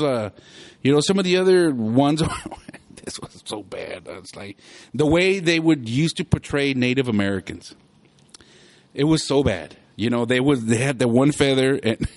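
Animated man hosting a show. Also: mid-range voice. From South Texas. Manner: animated, rambling, laughs often. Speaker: podcast host. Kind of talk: casual chat.

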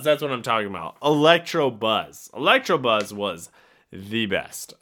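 A man's voice: medium pitch, animated, moderate pace, bright, forceful tone. A young man hosting a casual solo podcast, rambling and laughing at himself as he talks. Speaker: podcast host.

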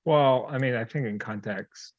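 A man's voice: medium pitch, normal speed, dry recording. Easygoing man on a dull, dry mic. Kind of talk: casual conversation.

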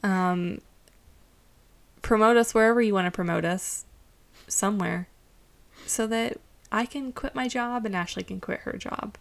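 A woman's voice: medium pitch, unhurried, creaky, long pauses. A young woman co-hosting a casual podcast, telling stories in a sarcastic, profane way. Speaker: podcast co-host.

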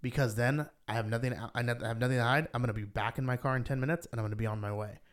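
A man co-hosting a podcast, chatting casually and rambling with lots of "like", his voice rising when he gets worked up. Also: very fast. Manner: rambling, heavy use of "like", rises in pitch when animated. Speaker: podcast co-host. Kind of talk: casual chat.

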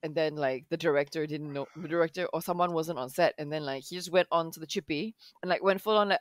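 A woman in casual chat, animated and quick to jump in and mimic others. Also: deep voice, no room sound.

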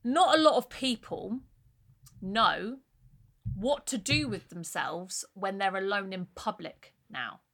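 A young woman chatting on a podcast, her voice bright and clear. She tells her stories candidly and easily, dropping in a casual swear here and there. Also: medium pitch, animated, takes it slowly. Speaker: podcast co-host. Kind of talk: casual chat.

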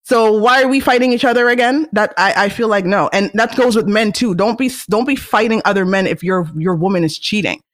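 Young woman rambling on her podcast, chatty and animated, laughs a lot. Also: mid-range voice, brisk, hardly any pauses. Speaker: podcast host. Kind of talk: casual solo podcast chat.

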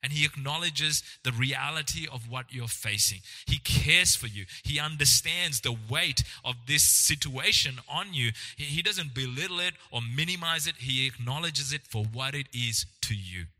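A man's voice: mid-range voice, normal speed, few pauses, pushed and bright. A man preaching a sermon as pastor, earnest and reassuring, often restarting his words. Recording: long hall reverb.

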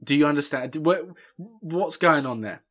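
Rambling, animated young man reviewing films. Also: a little high, moderate pace. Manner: rambling and animated, with many fillers and restarts. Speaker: podcast co-host. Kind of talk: casual film review chat.

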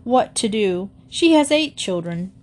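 A woman's voice: medium pitch, lively intonation, a little slow, a little mellow, natural voice. A woman reading aloud, voicing a flustered mother who pleads in a raised, distressed voice. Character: flustered mother, middle-aged woman, tearful.

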